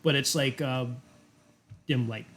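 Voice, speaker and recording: A man's voice: medium pitch, steady tone, takes it slowly, fairly bright tone. A man narrating a tabletop game as game master, loose and hesitant with many fillers.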